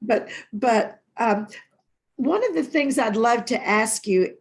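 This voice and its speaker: An older woman hosting an interview, speaking in a gentle, reflective way. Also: fairly high pitch, expressive, takes it slowly. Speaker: host. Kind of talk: conversational interview.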